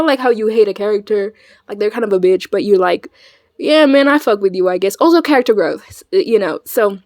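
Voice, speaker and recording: A woman chatting casually in a reaction video, animated and slangy, swearing freely. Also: fairly high pitch, dry recording, clean studio sound. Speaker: video creator.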